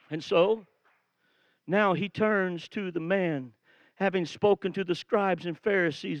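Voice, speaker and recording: A man preaching a sermon, telling a Bible story with animated energy and acting out the quoted lines, rising to shouts. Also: high-pitched, slow pace, pauses often, no echo, dull audio.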